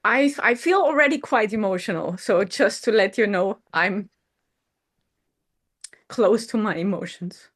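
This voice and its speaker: Woman in a therapy demo, soft and searching, halting, middle pitch. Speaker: session participant. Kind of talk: emotional therapy talk.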